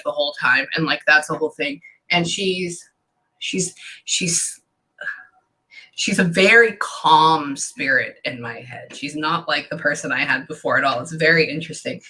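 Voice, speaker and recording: A woman working as a medium in a casual reading, talking in halting bursts and often breaking off to say hang on. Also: low-pitched, sharp tone. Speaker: psychic medium. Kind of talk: casual one-on-one reading session.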